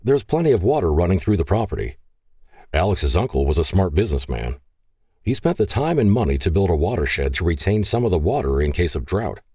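A man's voice: low-pitched, sing-song, brisk, mellow, breathy edge, no echo, clean studio sound, full character voice. A man voicing a knowledgeable carriage driver who patiently explains the land. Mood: explaining.

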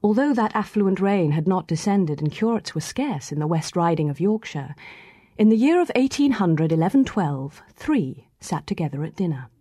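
A woman narrating a classic novel aloud in a measured, storytelling manner. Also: fairly low pitch, big pitch swings, warm tone, husky, no echo, clean studio sound. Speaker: audiobook narrator. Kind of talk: scripted reading of a classic novel.

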